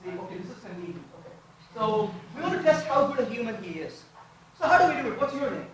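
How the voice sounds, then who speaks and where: A man's voice: very high voice, quick pace, crowd noise. Man lecturing in an echoey hall. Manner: lively, quizzes the audience with rhetorical questions. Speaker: conference speaker. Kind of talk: live technical talk with live coding. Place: large conference hall.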